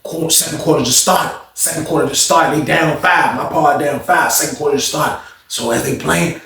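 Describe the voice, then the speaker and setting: A young man telling a story in slangy, animated casual talk. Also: fairly high pitch, normal speed, creaky. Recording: roomy echo.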